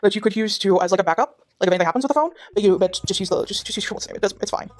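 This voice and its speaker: Faint music plays behind a Durban gaming vlogger with a South African accent as she talks casually over her game at home, her dog next to her. Her medium-pitched, slightly mellow voice comes rapid-fire, full of fillers and restarts.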